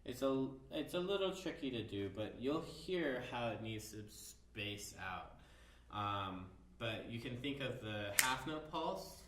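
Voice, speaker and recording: A man's voice: medium pitch, distant mic, very noisy. A man teaching an orchestra violin part, explaining the rhythms and counting the beats aloud. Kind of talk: music lesson. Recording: roomy, from off mic, violin behind. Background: violin playing.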